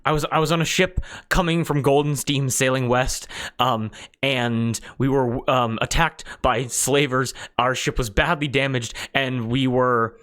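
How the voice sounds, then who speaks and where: A man's voice: medium pitch, fairly even intonation, fairly bright tone, natural voice. Man voicing a tearful older elven woman. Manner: halting, breath catching, voice breaking.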